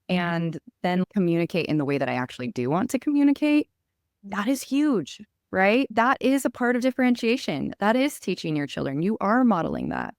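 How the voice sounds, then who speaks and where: A woman's voice: mid-range voice, sing-song, a little fast, no echo, studio quality. A woman hosting a casual podcast conversation, explaining ideas and often checking in with "right?".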